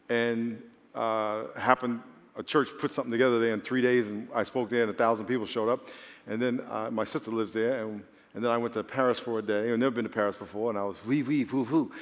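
A man pastor preaches to his congregation in a relaxed, storytelling way that builds to emphatic declarations. His voice sits at a middle pitch for a man. The sound carries a long hall reverb from the big church room. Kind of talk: sermon.

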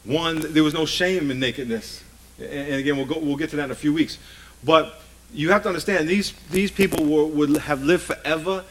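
Emphatic preacher, a man with a fairly high voice. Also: steady tone, brisk, a bit bright, a little hiss or hum, poor audio. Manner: emphatic, with rhetorical questions to the congregation. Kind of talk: sermon.

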